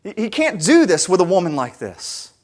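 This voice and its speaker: An earnest male pastor with a slightly higher voice preaches a sermon at normal speed, his pitch swinging hugely. He's conversational, using fillers and restarts, then pushes into emphatic, louder stretches.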